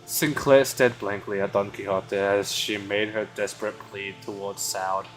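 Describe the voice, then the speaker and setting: A man's voice: fairly low pitch, steady tone, soft background music, rough recording. Man casually reading game dialogue aloud. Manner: casual, reads lines with quick asides and stumbles. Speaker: streamer.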